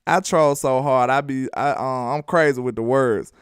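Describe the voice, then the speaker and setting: A man with a Southern accent from Alabama, doing casual sports talk and reading his live chat in an animated, playful, trash-talking way. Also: mid-range voice, moderate pace, clear, resonant tone, no echo, studio quality. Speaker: sports commentator.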